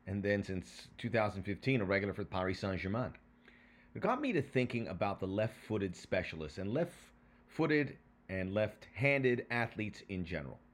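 A man hosting a podcast, chatting casually and telling stories in a lively way, then reading a prepared segment. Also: on the low side. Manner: lively, animated storyteller. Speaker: podcast host.

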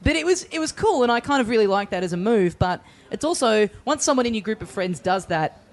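A man's voice: sits high, big pitch swings, fast. An Australian man on a podcast, casually rambling through a funny anecdote and acting out the dialogue. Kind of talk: casual comedic chat.

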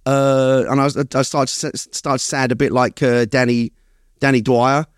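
A middle-aged man from East London whose British accent has turned partly American tells stories in an animated, rambling way, often restarting sentences. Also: medium pitch, moderate pace, clean tone, no echo, clean studio sound. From East London, England. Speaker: guest screenwriter. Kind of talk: casual interview chat.

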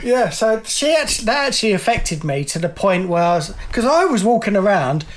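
A middle-aged man with a noticeably high-pitched voice, talking in a loose, rambling way and breaking into laughter as he goes. He co-hosts a casual chat podcast. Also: big pitch swings, a little fast. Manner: chatty, laughs often, rambling. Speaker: podcast co-host.

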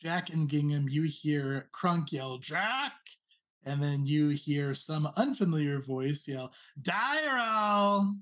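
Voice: mid-range voice, steady tone, a little slow, hardly any pauses, darkish tone. Game master narrating a tabletop scene.

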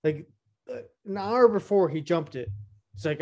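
A man's voice: high-pitched, animated, normal speed, a little mellow. A young man co-hosting a podcast, telling crude stories casually and laughing often. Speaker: podcast co-host. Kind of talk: casual chat.

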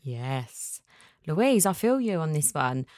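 A woman's voice: low voice, slow pace, a little hiss or hum. A woman hosting a casual podcast, chatting animatedly and reading out listener messages. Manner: chatty, animated, laughs often. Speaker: podcast host.

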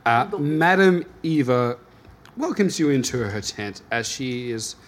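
A man's voice: mid-range voice, animated, measured pace. A man hosting and narrating a tabletop game casually, laughing often and using many fillers. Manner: loose, laughing, filler-heavy. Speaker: game master and host.

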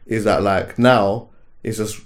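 A man, co-hosting a podcast in expressive casual chat, swearing freely. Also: fairly low pitch, takes it slowly. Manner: expressive, swearing, laughing reactions. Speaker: podcast co-host.

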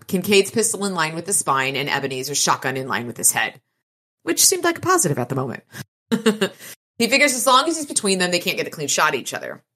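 Animated woman recapping a novel. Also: fairly low pitch. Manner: animated, profane retelling with laughs. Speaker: podcast co-host. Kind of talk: casual book recap chat.

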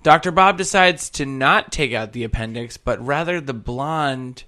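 Brief: man in his own voice, mid-pitched podcast co-host, lively casual storyteller. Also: unhurried. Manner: animated storyteller, acts out quoted voices.

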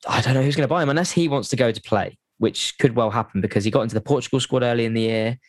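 A man's voice: medium pitch, very fast, dry recording. A man chatting casually about football on a podcast, rambling with lots of restarts and fillers.

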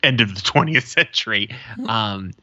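A man's voice: lowish voice, lively intonation, moderate pace, bright, forceful tone, dry recording, lo-fi sound. A man co-hosting a podcast, telling profane stories in casual chat and acting out the quotes. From Arizona. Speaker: podcast co-host.

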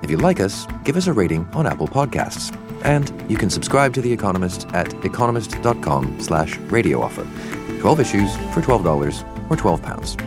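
A man's voice: on the low side, very animated, fairly quick, over music. A man hosting a podcast, asking brief probing questions and reading the show outro. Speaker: podcast host.

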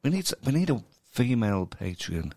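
A man's voice: medium pitch, sing-song, fairly quick, a little mellow. A man co-hosting a casual comedy podcast, sweary and rambling, with frequent stammered restarts. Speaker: podcast co-host. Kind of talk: casual chat.

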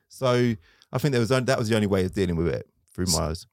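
A man's voice: on the low side, animated, quick pace, creaky, darkish tone, no room sound, clean studio sound. A man, a car dealer guest telling stories in casual interview chat, acting out his own quotes. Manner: chatty storytelling, acts out his own quotes.

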